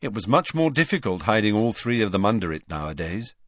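In clean studio sound without echo, a fairly low-pitched man narrates an audiobook with measured, expressive storytelling.

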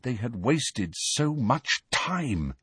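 A male audiobook narrator tells a story dramatically, his delivery shifting constantly with wide pitch swings and drawn-out words. His fairly bright voice has a husky grain, recorded close and dry with no echo or room sound.

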